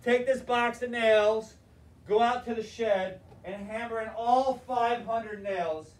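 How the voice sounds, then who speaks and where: A man voicing a stern older grandfather who gives gruff commands to his grandson. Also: extremely high pitch, slow pace. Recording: roomy, distant mic, faint noise.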